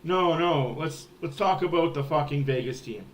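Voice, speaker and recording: A man's voice: fairly high pitch, expressive, moderate pace. Heated, swearing male hockey-fan host. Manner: heated, profane ranting. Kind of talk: ranting sports livestream talk.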